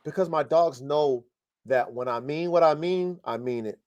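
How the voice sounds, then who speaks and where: A man's voice: a little high, normal speed, darkish tone, muffled recording. A man hosting a live podcast, coaching dog breeders in a blunt, profane, fired-up way. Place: home studio, live stream.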